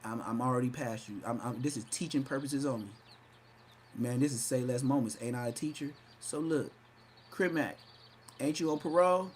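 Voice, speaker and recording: Over slight background noise, a podcast host with a darkish, medium-pitched voice delivers livestream commentary at a normal speed. He's hyped up, mocking and brash as he talks trash, frequently switching into over-the-top voices.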